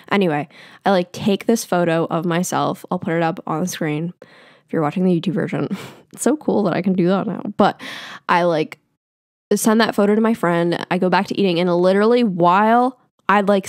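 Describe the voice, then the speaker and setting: A woman's voice: on the low side, no echo, clean studio sound. A woman, hosting a podcast and rambling through a story in casual chat, acting out the other people in it. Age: 20s. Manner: chatty, rambling, quotes people in a raised voice. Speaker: podcast host.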